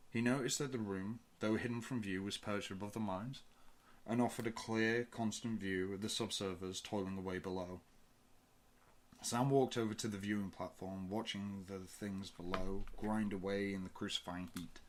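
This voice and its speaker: A man reading a science-fiction audiobook in a low, steady voice. His storytelling is measured and even, pausing between phrases. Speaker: audiobook reader. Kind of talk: fan audiobook narration.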